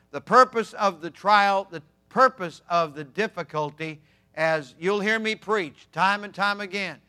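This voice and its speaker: A male pastor preaching a sermon, emphatic, swinging between loud declarations and quiet asides. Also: sits high, clear, resonant tone.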